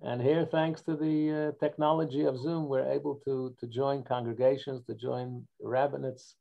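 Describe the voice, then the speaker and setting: Gravelly man welcoming guests on a video call. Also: mid-range voice, little pitch movement, muffled recording. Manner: halting, many restarts and fillers. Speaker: rabbi hosting a joint congregation event.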